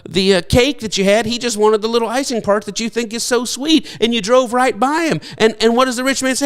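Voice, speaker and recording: A man's voice: very high voice, normal speed, hardly any pauses, a bit bright, clean tone. A man preaching a sermon, telling stories with fillers and restarts and acting out the voices of people he quotes. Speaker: pastor.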